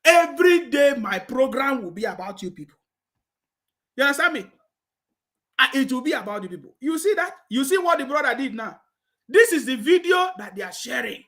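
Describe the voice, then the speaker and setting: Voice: high voice, big pitch swings, a little fast, a bit bright. A commentator with a Nigerian accent, mocking his targets and laughing often as he talks. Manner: taunting, laughs often, repeats "you understand me". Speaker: political commentator.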